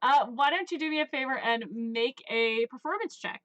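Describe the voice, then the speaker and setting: A woman's voice: high voice, normal speed, fairly bright tone, muffled recording. A woman narrating a tabletop game as game master, chatty, with many fillers and laughs.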